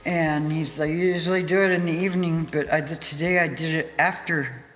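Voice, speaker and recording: A woman guest in an interview, telling a story in a lively way, laughing often and acting out what people said. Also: low-pitched, brisk. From United States. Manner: animated, laughing storyteller who acts out quotes. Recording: hall reverb with faint music.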